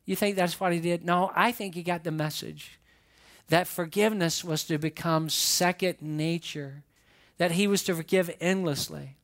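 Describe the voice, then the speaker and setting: A man preaching a sermon as pastor, animated, acting out the voices of his listeners and of Bible figures. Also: a little high, moderate pace.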